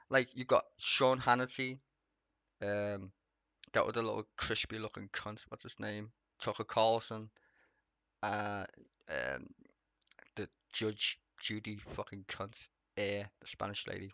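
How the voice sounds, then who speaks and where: A young man rambles through sarcastic, expletive-heavy political commentary on a live stream. His voice is bright and forward, recorded dry and close on a slightly dull, lo-fi mic. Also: on the low side, no echo.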